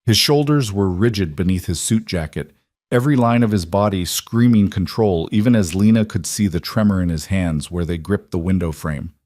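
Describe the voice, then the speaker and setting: A man giving measured, scripted audiobook narration of a romance story. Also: sits low, a little mellow, dry recording, clean studio sound.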